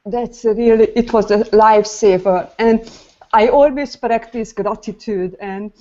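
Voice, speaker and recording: A woman sharing something personal in a group call, speaking in a halting, emotional way with pauses. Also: on the high side, dark tone. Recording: dull lo-fi sound.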